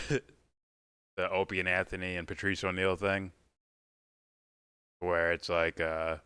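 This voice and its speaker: A man's voice: low-pitched, steady tone, measured pace, long pauses, pushed and bright, clear, resonant tone, no echo. A man hosting a casual livestream, reacting and chatting in a rambling, giggly, profane way. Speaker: livestream host.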